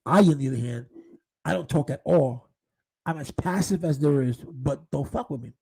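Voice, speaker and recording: A man telling profane street stories in a casual, animated monologue, full of restarts. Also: a little high, normal speed, gravelly, breathy edge, low-quality recording. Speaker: podcast host.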